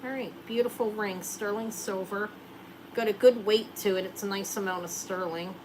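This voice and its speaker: A woman's voice: medium pitch, steady tone, normal speed. Woman host of a live jewelry sale; casual, chatty, joking, slight background noise. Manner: chatty, joking, thinks aloud while showing rings.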